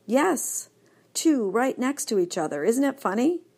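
A woman's voice: fairly high pitch, sing-song, measured pace, darkish tone, pitched above the performer's own voice, full character voice. A woman voicing an eager young male dog. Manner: bouncy, enthusiastic.

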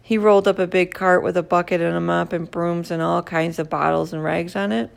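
Woman reading a story with heavy vocal fry. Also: fairly low pitch, steady tone, moderate pace. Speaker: narrator.

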